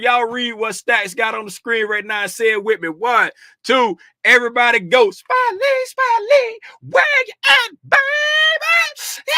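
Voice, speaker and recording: Bright-voiced man hosting a market livestream. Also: high voice, dry recording, clean studio sound. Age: middle-aged. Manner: chatty, greets viewers by name and laughs often; easygoing slangy talk. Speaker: livestream host reviewing futures markets. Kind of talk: casual livestream market commentary.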